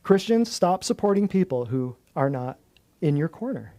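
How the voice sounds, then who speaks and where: Blunt, ranting man with a mellow voice. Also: on the high side, sing-song, normal speed. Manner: emphatic, ranting, piles up long lists; folksy, blunt, slangy. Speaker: natural health clinic host. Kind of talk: preachy talk to a live group.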